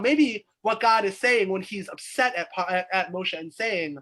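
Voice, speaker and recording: A man's voice: high-pitched, lively intonation, a little fast, hardly any pauses, bright, forceful tone. A man, teaching a weekly Torah class as a rabbi over a video call, explaining by asking questions aloud. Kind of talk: lively text study lecture.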